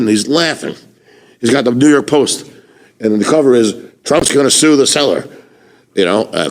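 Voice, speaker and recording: A man's voice: mid-range voice, no echo. A comedian guest telling casual anecdotes, swearing freely and acting out the lines of people in his stories. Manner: swearing storyteller who acts out quotes.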